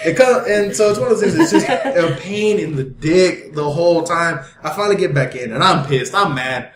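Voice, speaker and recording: A man's voice: fairly high pitch, brisk, roomy sound, slight background noise. A young man co-hosting a podcast, telling a story casually with lots of swearing and acting out the other people in it. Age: young adult. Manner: animated, profane, acts out voices of others in his story. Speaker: podcast co-host. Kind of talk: casual storytelling among friends.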